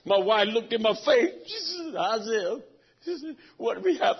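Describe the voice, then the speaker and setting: A high-pitched, husky man preaching with raw feeling, his voice falling low and then breaking into shouts. The recording is dull and lo-fi, and he sounds middle-aged. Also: very animated, normal speed. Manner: emotional storytelling, swings from hushed to shouting. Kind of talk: sermon.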